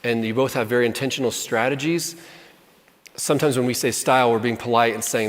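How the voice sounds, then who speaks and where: A man giving casual parenting advice to an audience in a relaxed, self-deprecating way, slipping into quoted voices as he talks. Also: mid-range voice, fast. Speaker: marriage and parenting speaker. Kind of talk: casual talk answering audience questions. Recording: long hall reverb.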